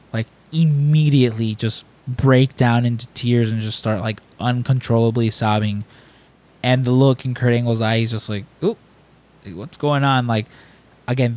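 A young man in a casual podcast chat, rambling through a story with plenty of fillers and false starts. His voice sits at an ordinary middle pitch, and his talk is loose and friendly. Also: darkish tone. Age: young adult. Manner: rambling, story-telling, lots of fillers and restarts. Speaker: podcast co-host.

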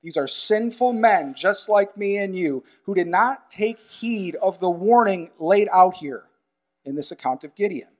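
Delivering a sermon, this pastor has a high, animated male voice and an unhurried pace. He's earnest and emphatic, returning to key phrases and swinging from loud, urgent emphasis to soft asides.

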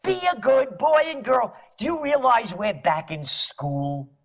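A man's voice: very high voice, animated, measured pace, creaky. A man delivering a fiery, sarcastic political rant, mocking officials. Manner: fiery, sarcastic, mocks officials in mimicking voices. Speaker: commentator. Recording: dull lo-fi recording.

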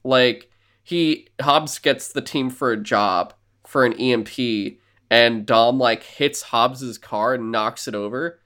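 Dude cohosting a podcast, medium voice, gets all excited retelling stuff, swears a bunch. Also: male voice, mid-range voice, slow pace, clean tone. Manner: excitable rambling recap, swears, lots of fillers. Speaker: podcast co-host. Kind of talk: casual podcast chat.

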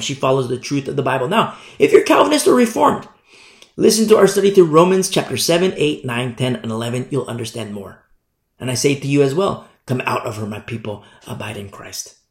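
A man preaching a Bible study, emphatic, often asking "you see?" and swinging from loud bursts to quiet asides. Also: mid-range voice, expressive, a little fast. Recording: roomy echo.

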